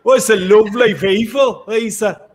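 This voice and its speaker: A man's voice: high-pitched, moderate pace, voice pushed up, lightly acted. Man putting on a hammy Scottish accent. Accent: Scottish (put on). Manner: playful, exaggerated, sing-song. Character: cheery Scottish man hamming it up.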